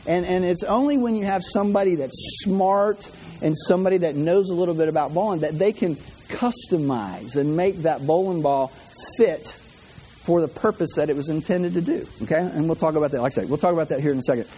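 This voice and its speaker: A man's voice: on the high side, brisk, warm tone, slight background noise. A man preaching a humorous sermon in a church, chatty, repeating words and tossing in jokey asides.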